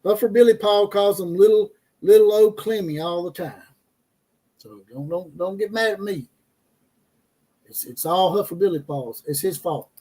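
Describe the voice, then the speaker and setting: A man with a high, mellow voice talks at normal speed while hosting a casual college football livestream. He mocks teams and players with profane jokes, reads out chat comments, and laughs at his own lines.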